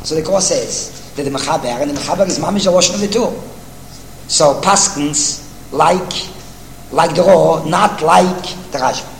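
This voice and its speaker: A man teaching a Talmudic text lesson, reading Hebrew passages aloud rapidly and then explaining them in English, often repeating words as he thinks. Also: on the high side, gravelly, roomy sound, in a large hall, slight background noise, low-quality recording. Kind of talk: text study lecture.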